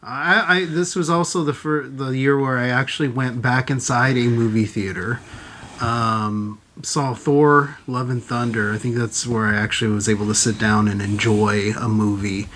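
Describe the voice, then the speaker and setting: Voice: medium pitch, steady tone, normal speed, a bit bright, slight background noise. Host who steers the chat, hesitant delivery. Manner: hesitant, many fillers. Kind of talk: casual chat.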